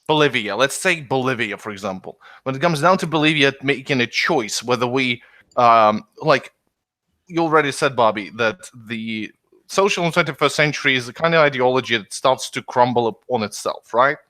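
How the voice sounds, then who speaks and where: A man co-hosting a podcast, making long, animated political arguments in casual discussion. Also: mid-range voice, normal speed, no echo. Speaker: podcast co-host.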